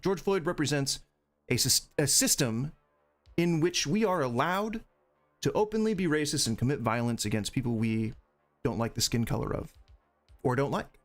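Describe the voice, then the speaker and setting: A man's voice: mid-range voice, lively intonation, moderate pace, soft background music. A man hosting a livestream podcast, ranting profanely and rambling with restarts. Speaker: podcast host. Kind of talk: livestream commentary.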